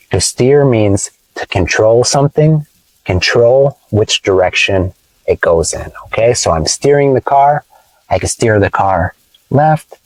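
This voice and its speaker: Filmed on a phone camera held by his wife, a playful American English teacher vlogger gives a casual lesson from inside a parked car. His voice is on the low side and a little mellow, and the rough recording has no room sound. He teases and explains slowly, repeating himself.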